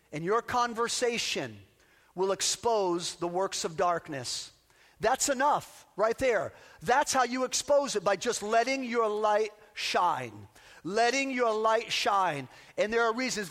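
A man with a very high voice delivers an emphatic sermon from the pulpit, repeating phrases for force. His voice rings through a church sanctuary with a long, echoing reverb. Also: fairly bright tone. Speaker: pastor. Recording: long reverb of a large hall.

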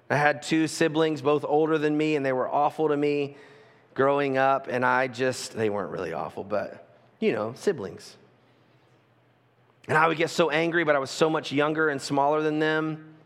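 A man's voice: on the high side, big-room sound. A pastor giving a sermon, telling family stories in a conversational manner that corrects itself as he goes. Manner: conversational, self-correcting, animated storytelling. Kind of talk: sermon with personal storytelling.

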